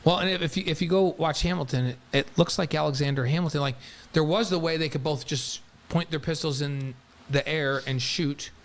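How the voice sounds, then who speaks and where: Brief: talkative male co-host, slightly higher voice, lively chat delivery. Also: fairly quick, hardly any pauses. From East Coast of the United States. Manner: animated, jumps into quoted voices with big pitch rises. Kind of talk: casual radio-style chat.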